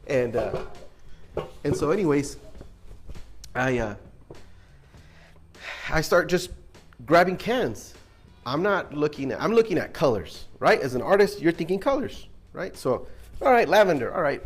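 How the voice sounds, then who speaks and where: A man telling army stories casually, animated and swearing now and then. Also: on the high side, normal speed, pauses often. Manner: animated, acts out quoted voices, casual swearing. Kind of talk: casual storytelling.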